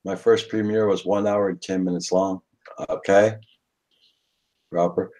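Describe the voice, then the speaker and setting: Casting: lower-voiced male host, easygoing, greets and signs off viewers. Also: flat delivery, measured pace, warm tone. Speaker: co-host of a live drone chat stream. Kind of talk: casual live-stream chat.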